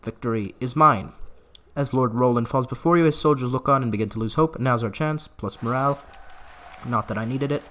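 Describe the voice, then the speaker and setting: A man's voice: medium pitch, fairly quick, bright, forceful tone. A man giving casual gameplay commentary, laughing often and reading game text aloud with asides. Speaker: gaming YouTuber.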